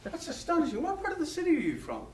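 Give me a man putting on an eager, excited pub-goer firing off quick questions in a high, jumpy voice, heard from a distance in a roomy hall with a faint hum behind. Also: exaggerated voice. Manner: eager, rapid-fire questions.

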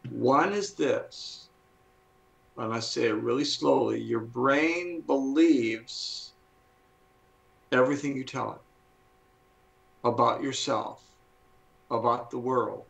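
A man in his seventies, a guest speaker on a talk show, explaining in an earnest, teacherly way and slowing down to stress his points. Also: medium pitch, gravelly, a bit bright, poor audio. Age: 70s.

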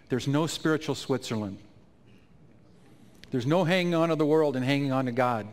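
A man telling an emotional personal testimony in a sermon at a conference, his voice climbing high and loud at the peaks. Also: normal speed, long pauses. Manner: emotional storytelling, rising to near-shouts at climaxes. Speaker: conference speaker. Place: conference stage.

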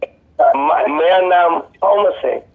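A man's voice: a little high, a little slow, gravelly. Hesitant man on a dull phone line. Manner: hesitant, repeats himself. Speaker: call center worker. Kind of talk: phone call.

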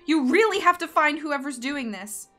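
A woman reading aloud, voicing an emotional young fashion designer who turns shrill when upset. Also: fairly quick, pushed and bright, faint music behind. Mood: despairing. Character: frantic young woman fashion designer, grieving, quick-tempered.

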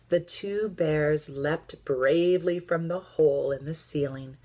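Low husky lady teacher reading a kids' picture book, slow and gentle, lots of whispers. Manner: gentle, dropping to soft whispers. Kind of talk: children's picture book read-aloud.

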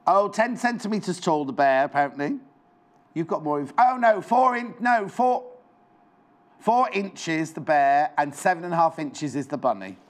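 A man's voice: on the high side, lively intonation, moderate pace. Bubbly man selling on live TV. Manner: chatty, bubbly, fussing over items on show. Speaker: shopping channel presenter. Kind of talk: live TV sales chat. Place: TV studio. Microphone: clip-on microphone.

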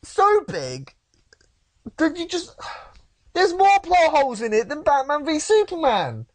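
A man's voice: very high-pitched, big pitch swings, moderate pace, darkish tone. A man co-hosting a casual podcast chat, ranting in an exasperated tone. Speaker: podcast co-host.

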